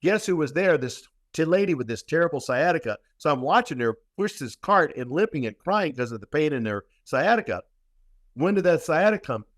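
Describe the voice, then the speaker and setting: A man's voice: a little high, big pitch swings, fairly quick, dry recording, studio quality. A man, a guest practitioner, telling a long story in a podcast interview, emphatic and repetitive with many restarts.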